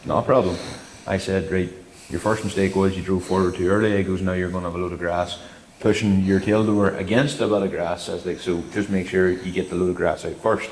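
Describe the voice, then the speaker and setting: A man's voice: low voice, steady tone, fairly quick. A man co-hosting a podcast, telling a story in casual chat, swearing, laughing and acting out quotes. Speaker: podcast co-host. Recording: echoey room with faint noise.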